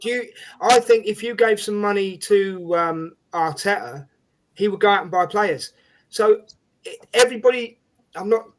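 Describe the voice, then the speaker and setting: A man hosting a casual football fan show, chummy and quick to agree with his guests. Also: sits high, low-quality recording. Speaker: host.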